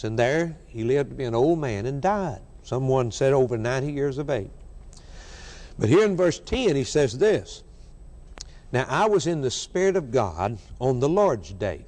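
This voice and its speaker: A man's voice: mid-range voice, darkish tone. A man preaching a sermon, fervent and emphatic, repeating phrases for effect. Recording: long hall reverb.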